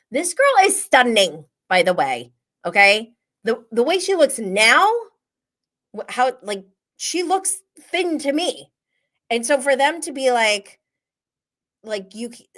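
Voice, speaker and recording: A woman hosting a casual reality TV recap, gossipy and animated, often laughing. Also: mid-range voice. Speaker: host.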